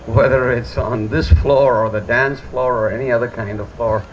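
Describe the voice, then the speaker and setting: A man's voice: medium pitch, fairly even intonation, moderate pace, hardly any pauses, a little hiss or hum, poor audio. A middle-aged man giving a father of the bride speech at a hotel wedding reception, joking and poking fun at himself. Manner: joking, self-deprecating.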